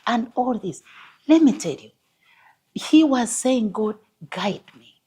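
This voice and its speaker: Emphatic woman counselor, lively preachy delivery. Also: fairly high pitch, slow pace, breathy edge. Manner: emphatic, teacherly, quotes scripture, repeats key points. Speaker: counseling psychologist on a panel. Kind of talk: panel discussion on faith and marriage.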